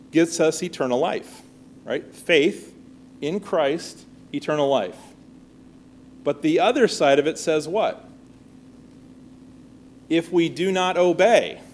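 Male Bible teacher, slightly high voice, conversational class lesson, faint background hiss. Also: darkish tone. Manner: conversational, often checks with "all right?" and "right?".

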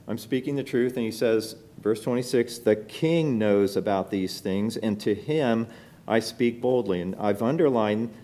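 A middle-aged man teaching a Bible lesson, speaking off the cuff with many pauses and restarts as he reads out scripture. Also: on the low side, dark tone. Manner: unscripted and halting, with many fillers, restarts and quoted scripture.

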